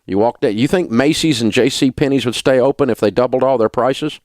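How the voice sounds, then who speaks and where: A man's voice: medium pitch, fairly quick, a little mellow, no echo, clean studio sound. A middle-aged man hosting a talk radio show, ranting in an indignant, sarcastic way. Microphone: studio mic.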